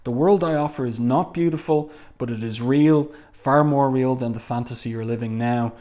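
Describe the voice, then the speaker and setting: Professor X, a calm persuasive mentor, read by a man. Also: mid-range voice, natural voice. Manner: measured, formal. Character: bald older male mentor, calm and persuasive.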